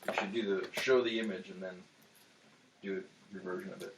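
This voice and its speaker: A man's voice: low voice, fairly even intonation, brisk, noisy background. A man chatting casually off-camera, making offhand asides with laughs.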